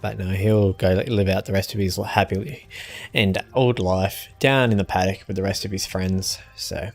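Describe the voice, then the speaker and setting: A young man streaming a game and chatting casually with viewers in a relaxed, easygoing way. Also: low-pitched, normal speed, faint music behind. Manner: relaxed, chatty, answers chat with small laughs. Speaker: gaming streamer.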